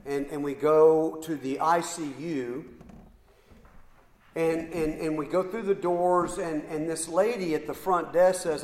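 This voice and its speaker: A middle-aged man tells a sermon story at an unhurried, halting pace, stacking one clause on the next. His voice sits a little high. It rings through a large, echoing hall with a long tail of reverb. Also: fairly even intonation, a little mellow. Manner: slow, halting storyteller with repeated ands and pauses. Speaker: preacher.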